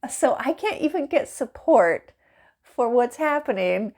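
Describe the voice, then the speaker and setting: A woman vlogging casually to camera, animated and exasperated, laughing and acting out the exchanges as she tells them. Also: fairly high pitch, unhurried. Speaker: small business vlogger. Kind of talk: casual ranting vlog to camera.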